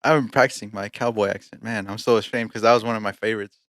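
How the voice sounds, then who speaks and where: Podcast co-host, male, lowish bright voice, jokey casual delivery, dry close sound. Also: fairly even intonation, fast, no echo. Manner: jokey, slips into put-on accents. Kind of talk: casual chat.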